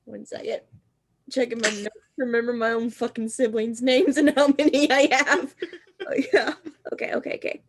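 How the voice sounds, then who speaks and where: Una jugadora de rol con voz muy aguda. Narra las acciones de su personaje en una partida de mesa, entre risitas y palabrotas despreocupadas. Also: female voice, on the high side, steady tone, normal speed. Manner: giggly, swearing casually. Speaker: player. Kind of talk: tabletop role-play narration.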